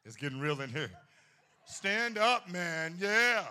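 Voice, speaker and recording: A man preaching a sermon at a men's conference, folksy and humorous, swinging from shouts to hushed asides. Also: sits high, animated, slow. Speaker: pastor.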